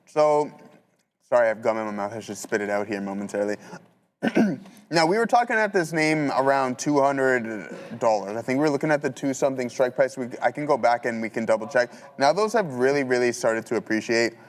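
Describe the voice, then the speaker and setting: A man's voice: mid-range voice, animated, fairly quick. A man walks through his stock and options trades in live commentary. He talks casually, piling on fillers and asides. His voice rings with a long hall reverb. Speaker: trading show host.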